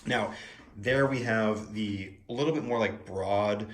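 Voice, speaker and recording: Young male reviewer, lowish voice, relaxed chatty musing with jokey asides. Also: takes it slowly. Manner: musing, playful asides, frequent fillers. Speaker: tarot deck reviewer. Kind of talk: casual spoken art review.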